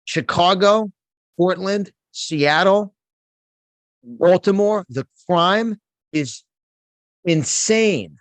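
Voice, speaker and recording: A middle-aged man with a New York accent, a motivational speaker and business coach, appears as a guest in a passionate conversational interview, sounding emphatic and fired up and often restarting his words. His voice sits high and a bit bright with lively intonation, but he speaks extremely slowly with long pauses, on a dry recording.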